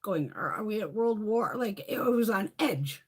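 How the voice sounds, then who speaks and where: Profane, animated middle-aged woman ranting. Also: medium pitch, unhurried, breathy edge. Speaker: live stream host. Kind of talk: casual live chat rant.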